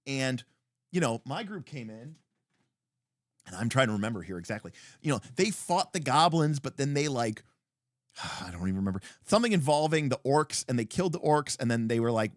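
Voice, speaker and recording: Casting: male livestream co-host, mid pitch, chatty rambling storyteller, dry close mic. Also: a little fast, dry recording. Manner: rambling, animated storytelling with many fillers and restarts. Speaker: podcast co-host telling a game story. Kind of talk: casual livestream chat.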